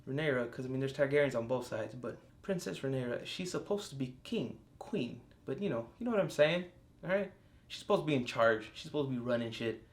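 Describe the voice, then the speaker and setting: A young man giving a casual solo review of a TV episode. He talks in an excitable, profane way, with bursts of enthusiasm. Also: medium pitch. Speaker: TV show reviewer.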